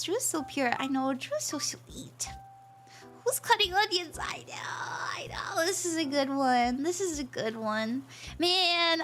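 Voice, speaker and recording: A woman's voice: sits high, fairly bright tone. A woman tarot-reading streamer chatting casually with her chat, joking and laughing often.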